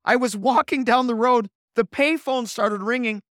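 A man's voice: very high-pitched, normal speed, a bit bright, dry recording, studio quality, pitched above the performer's own voice. A man voicing a startled, flustered traveling preacher who has just answered a ringing payphone. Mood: astonished.

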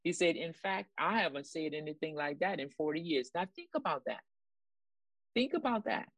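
Woman preacher, deep low voice, emphatic and repetitive, dry close sound. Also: expressive, moderate pace, no room sound. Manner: emphatic and repetitive, urging listeners; exclamatory praise. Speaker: ministry co-host. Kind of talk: preaching commentary.

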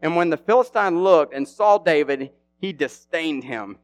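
A man preaching a casual, animated sermon in an easygoing, slang-filled way. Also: a little high, unhurried, few pauses, no echo.

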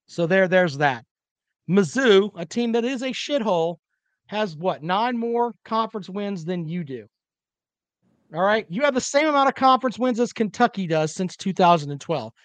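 A man's voice: high voice, smooth, no echo. A man co-hosting a casual sports talk livestream, reading viewer comments and firing back with sarcastic, profane jabs.

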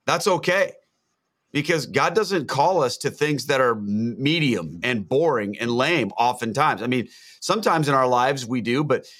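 A man's voice: medium pitch, lively intonation, normal speed, fairly bright tone. A man talking through a Gospel passage in an earnest, reflective way, often restarting his sentences. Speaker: guest on a Gospel reflection show. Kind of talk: reflective faith discussion.

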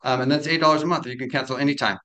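A man being interviewed on a podcast, explaining his invention in a quick, casual way. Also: medium pitch, fairly even intonation, pushed and bright, low-quality recording. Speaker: product inventor, interview guest.

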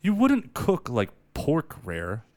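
A man's voice: on the high side, huge pitch swings, takes it slowly, darkish tone, dry recording, studio quality. A man co-hosting a podcast in casual chat, rambling through stories and laughing often. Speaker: podcast co-host.

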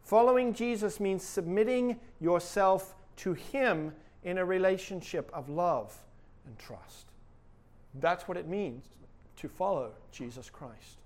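A man's voice: sits high, lively intonation, takes it slowly, a little mellow. A male pastor preaching a sermon with emphatic delivery and rhetorical questions.

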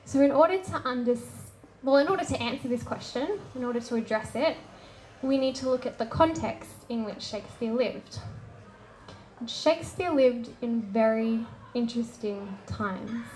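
Brief: woman, lively and casual lecturer, fairly high voice, acts out scenes, faint room noise. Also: measured pace, rough recording. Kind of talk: lively public talk on literature.

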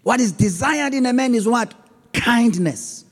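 A man preaching a sermon on relationships, swinging between loud emphasis and low asides. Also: expressive, unhurried, in a large hall. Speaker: pastor.

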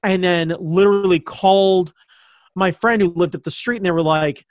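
Telling a personal story in casual conversation, a man from the Baltimore County suburbs in Maryland rambles with plenty of fillers and blunt swearing. His voice sits high with fairly even intonation at a moderate pace, recorded with no echo.

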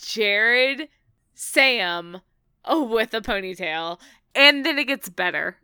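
Gushing, excitable woman recapping a show. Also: on the high side, slow, smooth, no room sound, clean studio sound. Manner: excitable, swears, laughs often. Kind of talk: casual chat recapping a TV episode.

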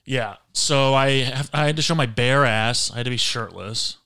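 Worn out guy rambling on a podcast, smooth clear voice, pokes fun at himself. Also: mid-range voice, moderate pace, pushed and bright. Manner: self-deprecating, rambling. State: tired, out of breath. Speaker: podcast co-host. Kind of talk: casual chat.

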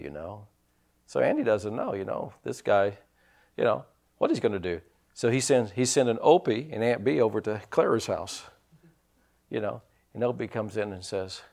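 A man preaching a sermon in a folksy, rambling storytelling way, rising into loud bursts. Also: fairly low pitch, lively intonation, normal speed, vocal fry.

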